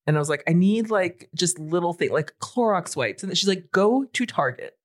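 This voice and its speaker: A woman in her forties telling a story in casual podcast chat, animated and swearing freely. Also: fairly low pitch, moderate pace. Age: 40s. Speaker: podcast co-host.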